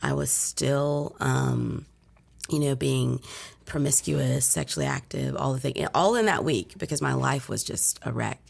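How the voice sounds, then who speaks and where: Low gravelly woman telling her testimony. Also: measured pace. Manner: vivid, acts out her own past thoughts. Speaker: podcast guest. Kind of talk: personal testimony storytelling.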